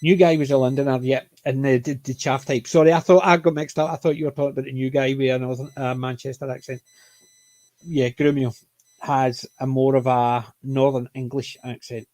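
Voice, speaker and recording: Here a TV show reviewer from Scotland talks through a comedy series in a loose, rambling way, with frequent self-corrections and apologetic restarts. He speaks briskly at medium pitch with fairly even intonation and a darkish tone. His accent is mildly Scottish, and there's no room sound.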